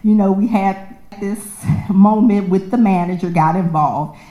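A woman tells a personal story in a lively, conversational way. She slips into the voices of the people she quotes and laughs along the way. Her mid-range voice rings in an echoey room. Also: medium pitch, unhurried, dull audio. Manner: animated, acts out quoted voices, laughs often. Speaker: storyteller sharing a personal testimony. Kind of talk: casual storytelling with scripture.

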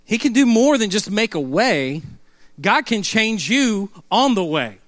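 A middle-aged man delivers a sermon in a high voice. He talks in a loose, conversational way, mixes humor into his stories and has the crowd repeat lines back. The sound is close and dry. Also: sing-song, unhurried, a bit bright, no room sound. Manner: conversational, humorous storytelling with call-and-response. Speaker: pastor.

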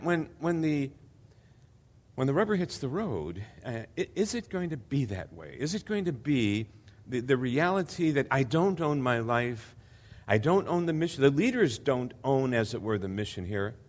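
A man's voice: medium pitch, very animated, moderate pace. An older man preaching as a visiting pastor, earnest and hesitant with many fillers, building to emphatic repetition. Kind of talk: sermon.

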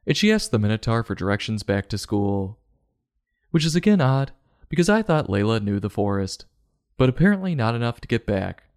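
A man's voice: lowish voice, very animated, brisk, a little mellow, clean tone, no echo, clean studio sound. A man giving a comedic book review in a sarcastic, mocking tone.

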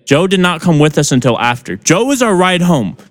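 A man's voice: fairly high pitch, sing-song, brisk, long reverb tail. A young man co-hosting a podcast in casual chat, playful and laughing as he chimes in on stories. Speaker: podcast co-host.

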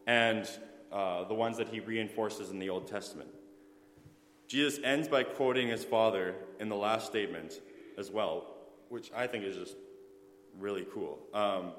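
An earnest man preaching a sermon. His voice sits a little low and rings with long reverb through a church hall, and he keeps pausing on fillers and correcting himself. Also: fairly bright tone, a little hiss or hum.

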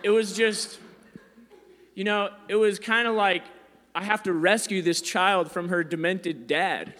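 A man with a high voice tells a casual, self-deprecating story about being a dad. He gets louder and higher as the story gets exciting. His voice rings with a long reverb tail. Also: measured pace.

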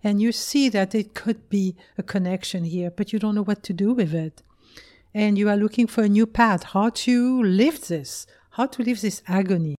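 Soft-spoken French woman, mellow voice. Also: mid-range voice, moderate pace. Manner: soft-spoken, earnest, repeats words. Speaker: co-host and healer. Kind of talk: casual podcast conversation.

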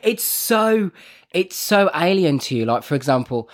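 A man's voice: on the high side, big pitch swings, measured pace. Chatty man. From Birmingham, England. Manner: rambling, laughs often. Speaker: podcast co-host. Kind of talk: casual chat.

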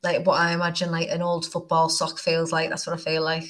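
A woman's voice: deep voice, completely flat delivery, brisk, fairly bright tone, slight background noise. A Northern English woman in her thirties hosting a podcast. She chats casually and rambles through stories with lots of fillers. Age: 30s. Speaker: podcast host. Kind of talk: casual chat.

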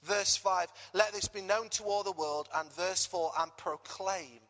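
British guy preaching, high bright voice, long hall echo, gets loud and jokey. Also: unhurried. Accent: British English. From Britain. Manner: lively, jokey, rises loud on key words. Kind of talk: sermon. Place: church hall. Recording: reverberant church hall.

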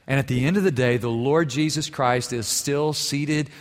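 A man's voice: medium pitch, normal speed. Earnest preacher man in a reverberant hall. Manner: earnest preaching, swelling louder on key phrases, dropping soft for stories. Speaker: pastor. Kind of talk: sermon.

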